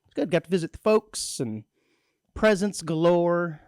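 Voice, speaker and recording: A man's voice: high voice, a little slow, darkish tone, dry recording, clean studio sound. A man co-hosting a community radio show in casual comedic chat, joking and laughing often. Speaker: radio co-host. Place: radio studio.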